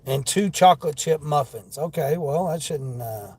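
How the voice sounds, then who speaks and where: A man with a Southern accent chats loosely to his livestream viewers from behind the wheel, wandering from story to story. His voice sits a bit high for a man. Steady road and wind noise fills in behind him. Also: normal speed, poor audio. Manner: rambling, chatty, talks to chat while driving. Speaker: livestreaming delivery driver. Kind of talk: casual livestream chat. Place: inside a car.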